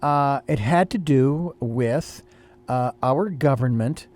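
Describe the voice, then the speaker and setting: An older man hosting a casual spiritual talk, pausing and restarting as he searches for the right words. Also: mid-range voice, darkish tone. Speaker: host.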